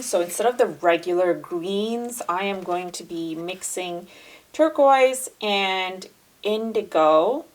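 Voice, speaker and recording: A woman teaching a watercolour painting tutorial in a casual, chatty way, talking softly as she paints and sometimes dropping to a near-whisper. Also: on the low side, creaky, slight background noise, low-quality recording. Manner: chatty and relaxed, with fillers and self-corrections.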